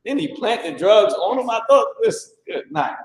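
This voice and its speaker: A man's voice: sits high, sing-song, moderate pace. A man leading a loose classroom lecture, slangy, blunt and profane, often drifting into asides. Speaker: teacher. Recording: very echoey room.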